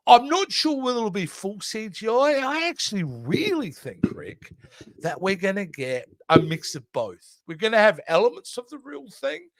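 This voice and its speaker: A man in his fifties co-hosts a relaxed movie chat, with a high voice that swoops up and down as he talks. He rambles, trails off and starts over mid-thought. The sound is dry and close, with no room echo. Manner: animated, rambling, trailing off and restarting. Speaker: co-host. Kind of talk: casual chat.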